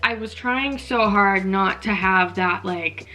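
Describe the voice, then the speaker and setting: A woman's voice: mid-range voice, slow, pushed and bright, faint music behind. A young woman vlogging casually to camera, chatty and emotionally open, saying "like" a lot.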